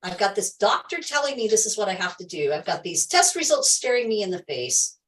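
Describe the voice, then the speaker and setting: A woman's voice: medium pitch, sing-song, a little fast, fairly bright tone, far from the mic, low-quality recording. A middle-aged woman hosting a health livestream, telling a personal story to viewers in an emphatic way, repeating key phrases and laughing often.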